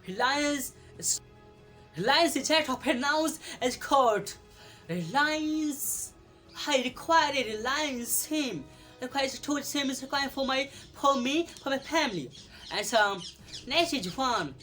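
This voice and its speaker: A woman teaching English pronunciation in a casual video lesson, halting, repeating each word many times, with frequent fillers. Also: high voice, lively intonation, fairly bright tone, faint music behind.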